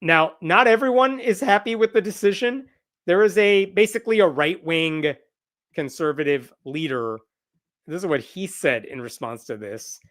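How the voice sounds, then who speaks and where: A man's voice: sits high, normal speed, fairly bright tone. Chatty, sarcastic American man hosting. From United States. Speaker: host. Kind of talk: casual livestream news commentary.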